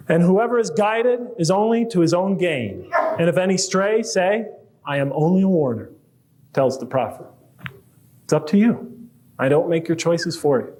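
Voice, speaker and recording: High-voiced man lecturing. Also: a little mellow. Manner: conversational, posing rhetorical questions and quoting verses. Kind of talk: public lecture to a live audience.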